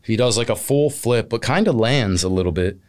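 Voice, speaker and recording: A man co-hosting a podcast, telling a rambling travel story in a relaxed, casual way. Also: medium pitch, brisk. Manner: laid-back, rambling anecdotes with laughs. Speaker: podcast co-host.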